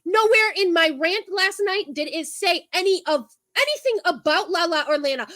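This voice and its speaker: A woman's voice: extremely high pitch, animated, normal speed, sharp tone, dry recording, rough recording. A woman on a livestream, delivering a heated, profane rant and repeating her points.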